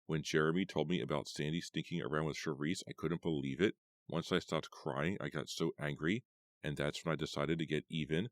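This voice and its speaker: A man's voice: rumbling low, steady tone, fairly quick, dry recording. A man voicing a hurt, bitter teenage girl in an audiobook, speaking in a resentful, insistent way. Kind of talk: audiobook character voice.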